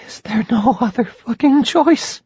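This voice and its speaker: A man's voice: very high-pitched, a little slow, darkish tone, husky, dry recording, voice pushed up, exaggerated voice. A man voicing a freezing, exhausted young woman who stutters through chattering teeth in an audiobook. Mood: stuttering, desperate. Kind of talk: audiobook character voice. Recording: dull lo-fi recording.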